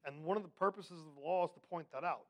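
A man teaching a Bible study lesson, reading scripture slowly and putting questions to his class in an emphatic, conversational way. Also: fairly high pitch, a bit bright. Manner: reads scripture slowly and deliberately.

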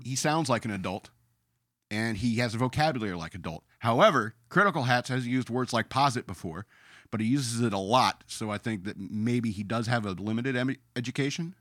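A man's voice: medium pitch, brisk, a bit bright, no room sound, studio quality. A man ranting in a sarcastic, emphatic way as a podcast host, now and then reading out his own comments in a mocking voice.

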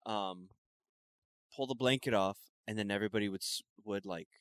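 Man, low voice, easygoing chat, dry close mic. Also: normal speed, no room sound. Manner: laughs often, relaxed with filler words. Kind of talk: casual chat.

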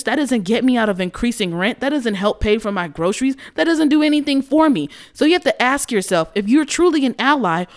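A young woman giving casual social commentary, blunt, profane and emphatic. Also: a little high.

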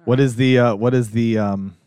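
A man's voice: mid-range voice, fairly even intonation, moderate pace, a little mellow, clean tone, dry recording. Man, podcast co-host, casual chat, teasing, dry close sound. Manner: laid-back, swears casually, teasing. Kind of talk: casual chat among friends.

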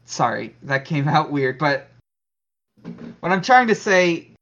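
Brief: slow, halting player, slightly dull lo-fi audio. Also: mid-range voice, big pitch swings, a bit bright. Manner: halting, thinking aloud. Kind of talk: casual tabletop play.

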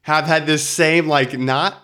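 A man hosting a calm podcast about breathing, sounding nasal from a lingering cold, reading quotes slowly and deliberately. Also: a little high, clean tone. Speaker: podcast host. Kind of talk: calm reflective podcast talk.

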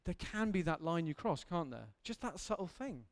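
A man's voice: fairly high pitch, very animated, normal speed. A man preaching an earnest, candid sermon in a church hall, building to emphatic intensity.

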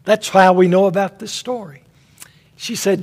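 A male preacher giving a dramatic, emphatic sermon in a husky voice, addressing listeners as friend. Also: high voice, steady tone, moderate pace, darkish tone.

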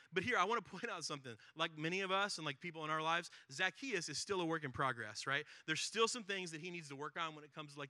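Bright, animated preaching man. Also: a little high, dry recording, studio quality. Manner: animated storytelling, acts out quotes. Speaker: pastor. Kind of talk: sermon.

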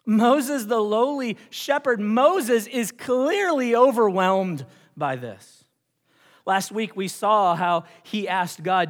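A pastor preaching a sermon in a church, moving between hushed whispers and rising, repeated phrases. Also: mid-range voice. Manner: dramatic, with hushed whispered passages and rising repetitions. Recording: long hall reverb.

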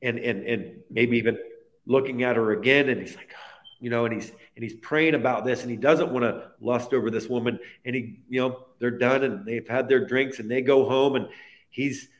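A man of medium pitch and normal speed shares a personal faith story on a podcast where he's the guest. He's earnest and heartfelt, stringing his phrases together one on top of another.

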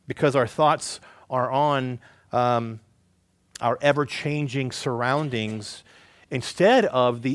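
In a dry recording, a male pastor delivers a sermon in a conversational style. He asks his listeners rhetorical questions, moving back and forth between forceful rises and hushed, low asides.

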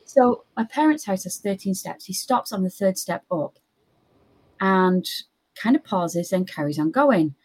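A young woman telling a spooky personal story in casual chat, lively and quoting others. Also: medium pitch, unhurried, husky. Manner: animated, quotes others in voices.

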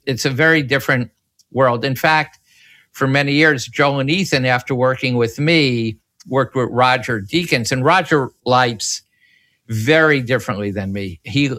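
A man with a bright, forceful voice at an ordinary pitch tells long behind-the-scenes stories. He rambles, doubles back and restarts his sentences as he goes. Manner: rambling, with many restarts and self-corrections. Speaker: filmmaker guest. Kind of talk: anecdotal podcast storytelling.

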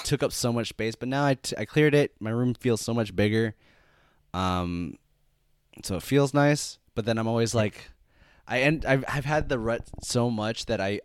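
A man co-hosting a podcast, chatting casually in a halting, rambling way with many restarts. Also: medium pitch, clear, resonant tone, dry recording, studio quality. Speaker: podcast co-host. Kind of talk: casual chat.

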